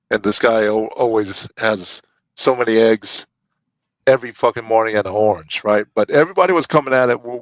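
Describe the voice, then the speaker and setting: A man's voice: mid-range voice, fairly bright tone, no room sound, dull audio. A man in casual podcast banter who rambles through a story with restarts, fillers and swearing.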